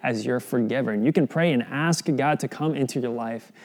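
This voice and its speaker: A man's voice: mid-range voice, fairly quick, darkish tone. A young adult man preaching a sermon in an earnest, conversational way, often asking the listeners questions. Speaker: pastor.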